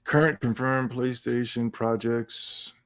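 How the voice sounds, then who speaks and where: Male podcast host, mid-pitched, sarcastic and emphatic, ranting casually about gaming news. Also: fairly even intonation, takes it slowly. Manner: laughs between remarks.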